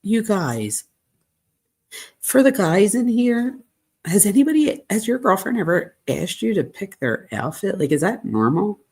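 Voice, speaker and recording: A woman's voice: mid-range voice, sing-song, unhurried, a little mellow, husky. A woman hosting a true crime show, reading text messages aloud and reacting with chatty asides to her audience. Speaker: true crime host and psychology professor.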